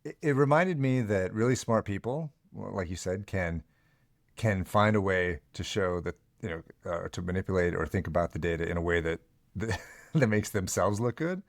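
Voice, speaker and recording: A slightly hoarse man with a very deep voice co-hosts a podcast, rambling with many restarts. He chuckles now and then. The sound is dry and close. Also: animated, normal speed, no echo. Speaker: podcast co-host. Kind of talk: podcast conversation.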